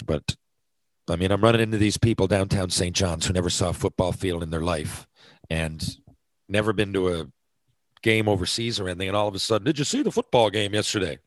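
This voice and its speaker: Podcast host, male, lowish voice, dry close sound, rambling self-deprecating monologue. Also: fairly even intonation, brisk, no room sound, poor audio. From North America. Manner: chatty, self-deprecating, many fillers and restarts.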